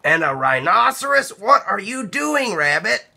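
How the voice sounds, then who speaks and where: A man voicing a small, anxious male mouse in a picture book, high and exasperated. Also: sing-song, measured pace, gravelly, bright, forceful tone, slightly rough, exaggerated voice. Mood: fretful.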